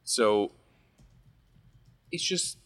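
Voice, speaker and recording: A man co-hosting a podcast, chatting casually and telling stories with animated asides. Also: extremely slow. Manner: chatty, animated storytelling with laughs. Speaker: podcast co-host. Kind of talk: casual chat.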